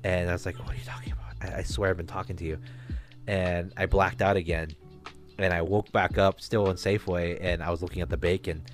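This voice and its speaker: A man's voice: low voice, level tone, a little fast, soft background music. A man hosting a podcast, telling a long rambling story in casual talk, with restarts and swearing. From Alaska. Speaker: podcast host.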